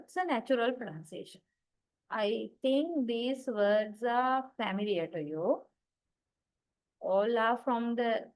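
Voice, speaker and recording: A woman with a slightly high voice teaches an online class through her computer mic. She talks patiently, repeats her main points, and often checks in with the students. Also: rough recording. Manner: patient, repeats key points, frequent "okay" and "right". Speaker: English linguistics lecturer. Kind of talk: online lecture.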